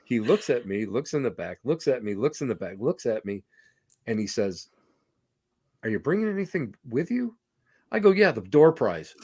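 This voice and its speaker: A man's voice: medium pitch, moderate pace, husky. A man, a podcast guest, telling anecdotes in casual conversation and acting out the people in them. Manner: animated, acts out voices in anecdotes.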